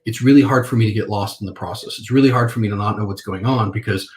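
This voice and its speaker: A middle-aged man, a podcast guest, telling lively stories and acting out the phone calls he once made. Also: fairly low pitch, fast talker. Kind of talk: interview.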